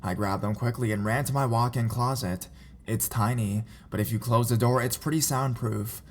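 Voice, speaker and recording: A man reading reader-submitted scary stories aloud in a measured, even narration. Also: mid-range voice, a little hiss or hum. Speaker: horror story narrator.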